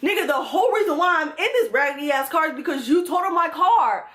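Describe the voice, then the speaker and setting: A woman's voice: high-pitched, animated, fast talker, a bit bright. A young woman from Georgia telling a profane, exasperated storytime to her viewers. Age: young adult. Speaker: vlogger. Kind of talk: storytime vlog.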